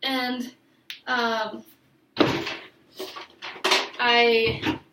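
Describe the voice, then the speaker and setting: A woman's voice: a little high, level tone, extremely slow, far from the mic, heavy background noise. A young woman vlogger telling a personal story in a rambling, emotional way, full of fillers and restarts, recorded a little away from the mic in an echoey room.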